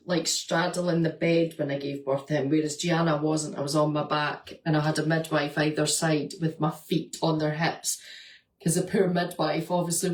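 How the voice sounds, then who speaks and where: A woman with a slightly low voice chats casually on her vlog, answering viewer comments. She is animated and talkative, breaking into laughter often as she tells her stories. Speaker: vlogger and nurse.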